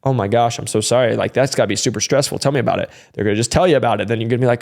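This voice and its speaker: A young adult man talks through sales advice in a loose, energetic monologue at an ordinary mid-range pitch. He keeps it conversational, tossing in "like" and "right?" and slipping into quick bits of sample dialogue. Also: creaky. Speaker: sales trainer and channel host.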